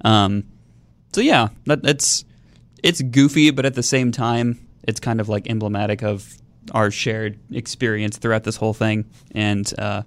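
A man's voice: lowish voice, fairly even intonation, unhurried. A man co-hosting a podcast, talking casually in a rambling, hesitant, self-deprecating way. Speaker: podcast co-host. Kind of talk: casual group chat.

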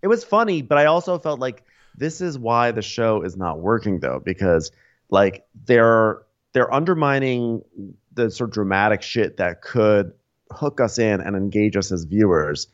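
A man's voice: on the low side, normal speed, muffled recording. A man co-hosting a podcast, chatting casually and animatedly about a reality show and acting out the people in it. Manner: animated, acts out quoted people in raised voices. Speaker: podcast co-host.

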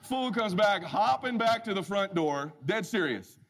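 Male motivational speaker, high-pitched and animated, telling a funny personal story with emphatic bursts. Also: unhurried. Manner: animated, emphatic, swings loud and soft.

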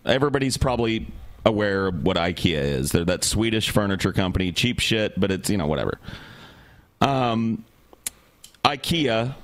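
A man on a podcast telling a rambling, exasperated story in casual chat, acting out the people he quotes. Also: fairly low pitch. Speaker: podcast co-host.

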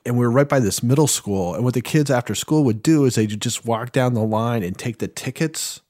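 A man on a podcast panel, telling a long anecdote in a relaxed, rambling way. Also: medium pitch, fairly quick, no echo, studio quality. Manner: laid-back rambling storyteller. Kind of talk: casual storytelling chat.

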